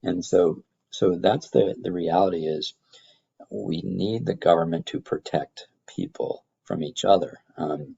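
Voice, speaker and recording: A middle-aged man teaching a high school government class, rambling through explanations and stories with many fillers and restarts. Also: creaky, warm tone, slightly rough, highs cut off. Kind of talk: classroom lecture.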